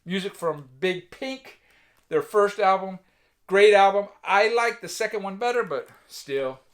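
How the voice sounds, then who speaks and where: A relaxed man with a fairly high voice talks loosely through his record collection, cracking offhand jokes as he goes. His delivery is casual and unpolished, like a chat with friends. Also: a little slow. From United States. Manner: laid-back, chatty, offhand jokes. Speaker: vinyl collector vlogger. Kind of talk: casual record show-and-tell.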